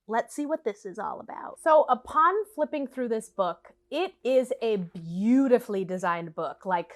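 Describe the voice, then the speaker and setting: A woman in her late twenties giving a sarcastic, animated product review rant, acting out quotes. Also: fairly high pitch. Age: late 20s. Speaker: vlogger.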